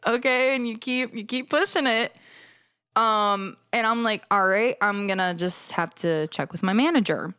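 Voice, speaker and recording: A young adult woman hosting a podcast, casually telling a story about working as a bartender, animated and swearing as she acts out both sides of the exchange. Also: lowish voice, smooth, no room sound, clean studio sound. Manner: animated, acts out customers and herself in quoted dialogue, swears. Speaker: podcast host.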